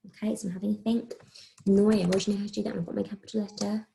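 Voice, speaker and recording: Primary teacher, woman, slightly gravelly, patient sing-song phonics delivery, stretched syllables. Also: medium pitch, low-quality recording. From England. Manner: slow, sing-song, sounding out letters and words. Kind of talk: remote phonics writing lesson for young children.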